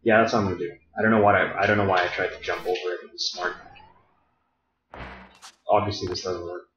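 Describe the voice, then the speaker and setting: A man's voice: low-pitched, steady tone, quick pace, a bit bright, slight background noise. A man co-hosting a let's play in casual chat, frustrated and self-mocking, swearing often. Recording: roomy, dull lo-fi sound.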